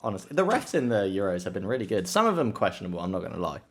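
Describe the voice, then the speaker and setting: A young man talks in a loose, rambling podcast chat. His voice sits fairly low. He swears casually and leaps up in pitch whenever he acts out a quote. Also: very animated, very fast. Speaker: podcast co-host.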